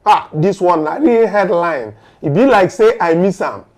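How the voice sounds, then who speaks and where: A Nigerian man recapping the news as a commentator, animated and acting out exchanges, with hesitant fillers between points. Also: high-pitched, a little slow. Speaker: political commentator.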